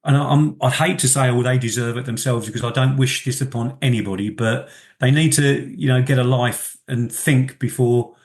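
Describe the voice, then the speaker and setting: A man's voice: medium pitch, steady tone, moderate pace. A man co-hosting a casual podcast from a home kitchen, hesitant with stumbling restarts and chuckles. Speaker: podcast co-host. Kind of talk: casual chat.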